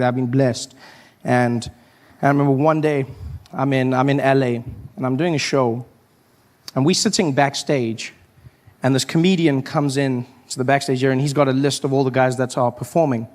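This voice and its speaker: A man performing stand-up comedy, telling stories with animated impressions. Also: mid-range voice, brisk. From South Africa.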